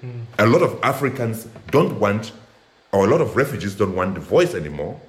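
A man's voice: lowish voice, lively intonation, brisk, reverberant. A man from Cameroon in a casual debate, earnest and searching for words with many hesitations. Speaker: activist in a discussion.

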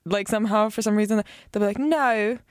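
A young woman co-hosting a radio chat, chatty and quick to laugh. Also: medium pitch, monotone, no room sound, studio quality. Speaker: radio co-host. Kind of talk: casual chat.

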